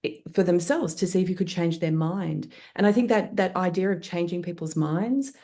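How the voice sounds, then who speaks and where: A woman speaks as a guest on a panel. Her voice sits low and mellow, and she talks thoughtfully, pausing with fillers and restarting her sentences. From Australia. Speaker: guest producer. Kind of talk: panel interview.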